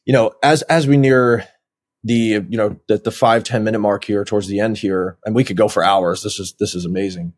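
A man hosting an interview, speaking in a reflective, halting way. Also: on the low side, fairly even intonation. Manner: reflective and appreciative, halting delivery. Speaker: host. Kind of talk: casual interview.

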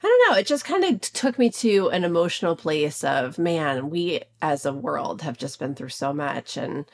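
Congested woman co-host, low voice. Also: very animated, moderate pace. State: congested, sick with a cough. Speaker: podcast co-host, professional organizer. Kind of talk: casual chat. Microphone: remote recording setup.

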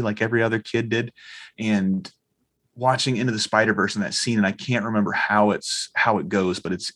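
A man in his thirties chatting casually, telling a story with lots of acted-out dialogue and swearing. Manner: animated storyteller, acts out quoted dialogue with big pitch jumps, swears freely. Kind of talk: casual chat.

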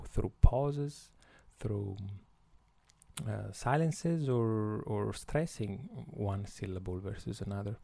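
Italian-accented man, podcast host, slow hesitant delivery, gravelly low warmth, dry close sound. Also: dry recording. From Italy. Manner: slow and hesitant, many fillers. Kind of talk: educational podcast talk.

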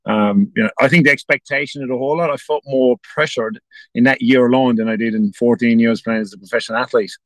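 Irish man, quick-talking, dry close sound, rambling restarts, casual interview guest. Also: mid-range voice, fairly even intonation, no echo, poor audio. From Ireland. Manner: talkative, rambling with many restarts. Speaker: guest, former footballer.

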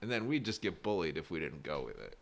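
A young man with a very deep, low voice chats casually, telling school stories. He rambles, fills his sentences with "like," and breaks into laughter often. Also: fast, creaky. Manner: rambling, animated, laughs often, many "like" fillers. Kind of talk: casual storytelling chat.

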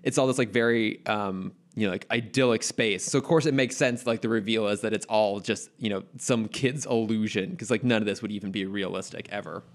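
A man's voice: lowish voice, brisk, hardly any pauses. A man chatting casually as a podcast co-host, rambling with lots of fillers and laughing often. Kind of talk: casual chat about a cartoon episode.

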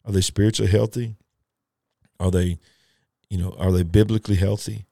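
Preacher guy, low mellow voice, gets fired up and repeats himself, talks right to you. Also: fairly even intonation, brisk, gravelly, no room sound, studio quality. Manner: emphatic, repetitive, rising to fervent pitch; folksy, addresses listeners directly. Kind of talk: sermon.

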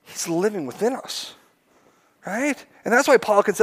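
A man's voice: high-pitched, animated, normal speed, husky. A man preaching a sermon as pastor, earnest, asking many questions and often repeating words.

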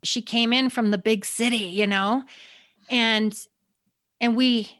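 A woman tells her own family story on a podcast, earnest and quick, her words sometimes tumbling over each other. She sounds close to tears at moments. The recording is dry and close. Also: fairly high pitch, steady tone, fairly bright tone, dry recording. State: near tears. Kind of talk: emotional personal storytelling.

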